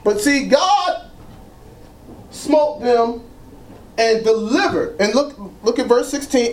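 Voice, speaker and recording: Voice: mid-range voice, expressive, slow, long pauses. A preacher giving an emphatic sermon that leads the congregation in call-and-response. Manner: emphatic, repeats phrases, frequent "praise God".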